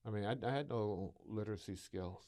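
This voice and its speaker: A middle-aged man, a podcast guest, telling his story in a lively way, acting out what others said to him. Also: fairly low pitch, fairly quick. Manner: animated, acts out quoted voices, laughs often. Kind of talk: storytelling interview.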